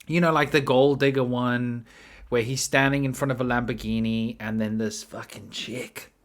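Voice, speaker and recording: A man's voice: medium pitch, fairly even intonation, normal speed. A man giving casual, chatty commentary, often tagging his sentences with "right?". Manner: chatty, tags lines with "right?". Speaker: commentary YouTuber.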